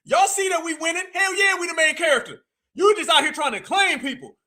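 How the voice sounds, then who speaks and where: A man hosting a live commentary stream, talking in an animated, mocking, preachy way and sometimes shouting. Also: very high-pitched, fairly quick. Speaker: livestream host.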